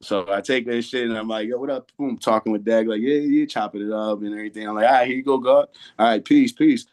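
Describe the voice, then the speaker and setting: A man's voice: mid-range voice, fast, a little mellow. A man in his thirties from Massachusetts, a hip-hop artist talking casually as a guest in an interview, telling stories full of slang and restarts. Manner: storytelling with slang, many restarts.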